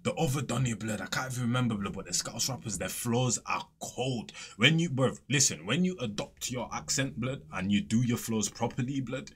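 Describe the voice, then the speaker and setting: A man's voice: mid-range voice, normal speed, hardly any pauses, fairly bright tone, slightly rough. A man giving chatty, casual reaction commentary into a desk microphone. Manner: chatty, peppers speech with "blood" and "fam". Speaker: music reaction streamer. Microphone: USB desk microphone.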